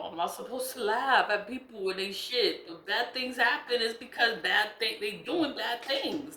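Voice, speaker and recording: A woman's voice: a little high, bright, forceful tone. Giggly rambling woman in an echoey room. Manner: rambling, repetitive, bursts of giggling laughter, swears. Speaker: self-styled witch vlogger. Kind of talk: casual monologue to camera. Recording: echoey room with faint background noise.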